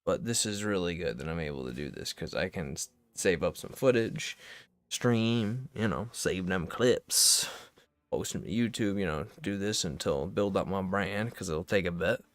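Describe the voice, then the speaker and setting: A young man streaming games, ranting casually and profanely in a rambling, animated way. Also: deep voice, moderate pace, no room sound. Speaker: gaming streamer.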